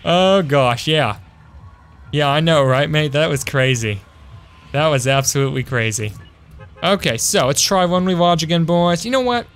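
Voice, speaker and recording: A man's voice: on the high side, moderate pace, a bit bright, clear, resonant tone, soft background music. A young man casually commentating his game for a live stream at home, chatty, calling his viewers "boys" and answering chat. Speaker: gaming streamer. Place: home room.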